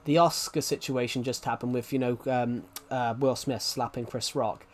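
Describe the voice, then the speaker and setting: A man in his twenties chats casually to his live-stream viewers while playing. He rambles and restarts his sentences often. His voice sits at an ordinary mid pitch for a man. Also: fairly even intonation, moderate pace. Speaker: game streamer.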